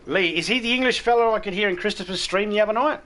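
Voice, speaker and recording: An Australian man hosts a live gaming stream, reading chat and giving his opinions bluntly. He swears freely and laughs at his own jokes. His voice is bright and forceful and sits a little above the usual male pitch. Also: quick pace.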